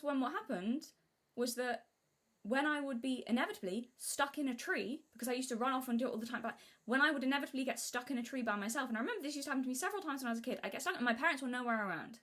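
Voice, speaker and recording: A young woman from Britain talking casually on a live stream, rambling and restarting her sentences, sometimes acting out what she said as a child in a high voice. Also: fast talker, fairly bright tone. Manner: rambling, self-interrupting, acts out childhood quotes in a high voice.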